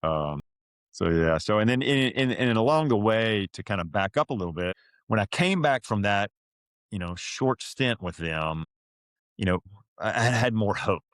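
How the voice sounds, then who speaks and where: A middle-aged man from Florida, a podcast guest telling an emotional story in a halting way, full of fillers and restarts, and choking up at times. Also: on the low side, expressive, a bit bright, clean tone, no room sound. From Florida, USA.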